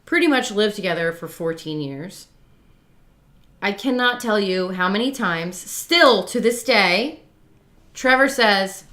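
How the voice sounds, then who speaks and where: Bright-voiced South Jersey woman. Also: medium pitch, a little slow. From South Jersey, USA. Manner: gets loud and fired up when ranting. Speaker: livestream co-host. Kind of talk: casual livestream chat.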